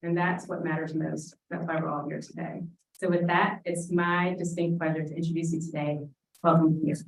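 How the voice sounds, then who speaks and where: Woman giving a formal introduction, low and roomy. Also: flat delivery, moderate pace, vocal fry, a little hiss or hum. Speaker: host introducing the speaker. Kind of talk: prepared introduction. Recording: roomy sound, mic at a distance.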